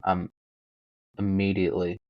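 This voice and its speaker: A man's voice: deep voice, completely flat delivery, unhurried, dry recording, muffled recording. A young man hosting a solo podcast, rambling casually with lots of swearing and self-mocking jokes. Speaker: podcast host.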